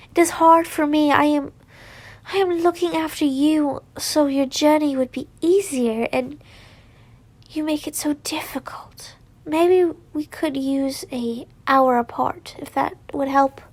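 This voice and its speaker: Woman voicing a soft apologetic young guy, half whispering, slow, highish. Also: no room sound. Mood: tender. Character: gentle, apologetic young man, soothing his fiancé.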